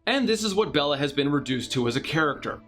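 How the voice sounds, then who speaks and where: Man, movie review host, scripted narration, sarcastic, lively intonation, higher pitch. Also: quick pace, faint music behind. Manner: sarcastic, mocking asides.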